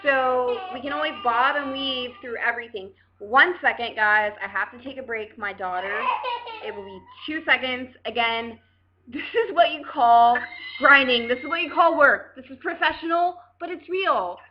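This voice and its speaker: A woman's voice: high voice, moderate pace, dull audio, noisy background. A woman hosting a casual live video chat, talking frankly and rambling straight to her viewers. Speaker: host.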